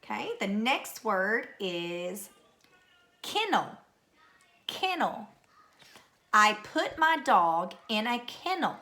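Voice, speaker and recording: Middle-aged woman teacher, bright tone, unhurried, patient dictation of spelling words. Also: medium pitch, very animated. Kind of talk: recorded spelling lesson. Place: home.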